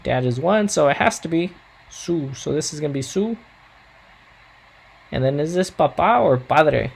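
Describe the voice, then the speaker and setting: A man's voice: on the high side, animated, measured pace, creaky, husky. A man teaching a recorded Spanish grammar lesson, coaching students patiently and checking in often with "all right?".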